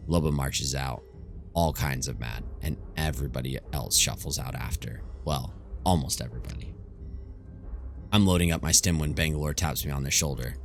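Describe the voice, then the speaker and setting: A man's voice: very deep voice, moderate pace, gravelly, faint music behind. A man reading a game story aloud as an amateur audiobook, narrating steadily in the first person. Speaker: fan reader.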